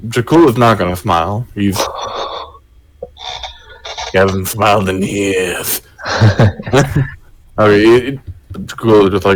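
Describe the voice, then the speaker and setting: A man's voice: lowish voice, steady tone, takes it slowly, pauses often, slight background noise, poor audio. A man playing a tabletop game, talking hesitantly about his character's moves. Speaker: player.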